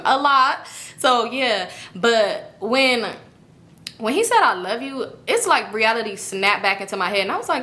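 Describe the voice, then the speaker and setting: A young woman talks straight to her viewers in a loose storytime vlog, full of profanity and laughing asides. Her voice is bright and forward, and she jumps up high in pitch when she acts out the people in her story. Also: very animated, brisk. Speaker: storytime vlogger. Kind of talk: casual storytime monologue.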